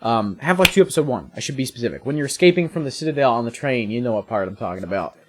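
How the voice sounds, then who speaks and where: A young man rambles through casual gameplay commentary, cracking jokes and breaking into excited outbursts. His pitch swings widely, so the delivery sounds lively and animated. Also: racing. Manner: rambling, jokey, excitable asides. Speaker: let's play host.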